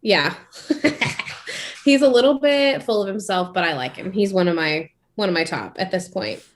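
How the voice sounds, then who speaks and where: A woman's voice: mid-range voice, lively intonation, measured pace. A woman co-hosting a podcast, chatting casually and gossiping with a friend, laughing often. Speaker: podcast co-host. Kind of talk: casual chat.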